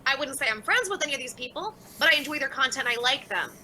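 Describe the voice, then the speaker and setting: A woman's voice: high-pitched, lively intonation, fast talker, sharp tone, slight background noise, poor audio. A woman hosting a casual livestream, reading out viewer chats and answering them by name in a sarcastic, laughing way. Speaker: livestream host.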